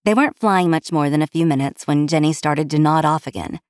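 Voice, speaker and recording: A woman reads a novel aloud in a steady, even storytelling voice. Her voice sits a little low, close and dry with no room sound. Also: brisk, no echo. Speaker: narrator. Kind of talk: audiobook narration.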